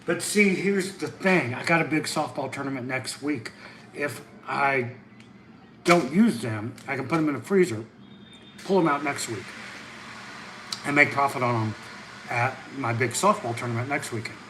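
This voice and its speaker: Excitable rambling male streamer. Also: mid-range voice, normal speed, pauses often, slight background noise. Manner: excitable, chatty, jumps between topics. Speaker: channel host reading live chat. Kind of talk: rambling casual livestream chat.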